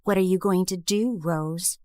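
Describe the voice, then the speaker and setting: A woman's voice: very high voice, sing-song, a little slow, sharp tone, dry recording, clean studio sound, full character voice. A woman voicing a spiteful, bitter young woman who scornfully accuses another. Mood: cold. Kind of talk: dramatic story narration.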